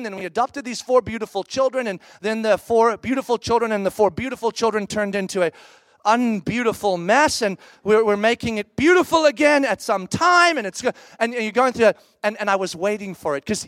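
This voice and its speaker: High-voiced middle-aged man preaching. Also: dry recording. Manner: candid, animated, acts out quoted reactions. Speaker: pastor. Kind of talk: conversational sermon with storytelling.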